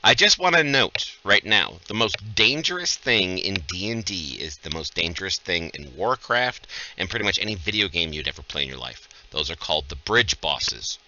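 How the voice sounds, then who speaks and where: A man's voice: sits low, expressive, moderate pace, hardly any pauses, pushed and bright, muffled recording. A man acting as dungeon master in a live tabletop game, calling rolls and joking about the rules.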